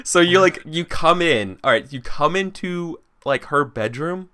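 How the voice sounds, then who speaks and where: A man's voice: fairly high pitch, lively intonation, unhurried, bright, forceful tone, clean tone. A man narrating a tabletop game as game master, rambling with plenty of filler words.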